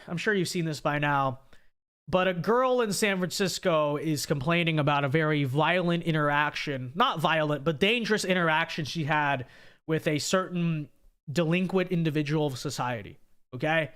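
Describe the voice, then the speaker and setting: Male livestream host, high pitch, casual commentary, many restarts and "okay?" check-ins. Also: fairly bright tone, smooth. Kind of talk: livestream commentary reading super chats.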